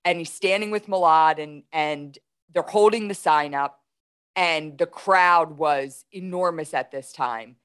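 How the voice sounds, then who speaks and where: A woman's voice: low voice, measured pace, fairly bright tone, clean tone. A woman in her forties, a guest telling a story in casual talk, animatedly retelling events with quoted dialogue. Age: 40s.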